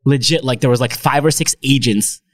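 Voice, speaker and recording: A man from the United States telling a story in a casual chat, animated, acting out other people and laughing often. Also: mid-range voice, fairly quick.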